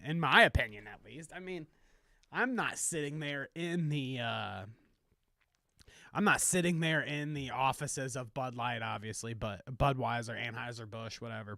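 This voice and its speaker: A man's voice: medium pitch, a bit bright, no echo, clean studio sound. A man hosting a live morning talk show, chatting casually and rambling with fillers. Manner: laid-back, rambling, with filler words. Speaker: host.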